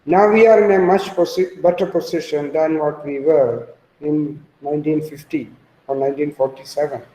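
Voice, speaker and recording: A man with an Indian English accent giving a webinar lecture, speaking slowly and deliberately and repeating his key points. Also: on the high side, mellow. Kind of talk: academic lecture presentation. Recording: echoey room sound.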